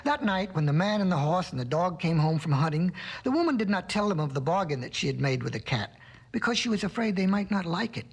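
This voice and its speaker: A man narrating a storybook in a gentle, lilting way with drawn-out words, from a restored vinyl record. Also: sits high, animated, husky. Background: music.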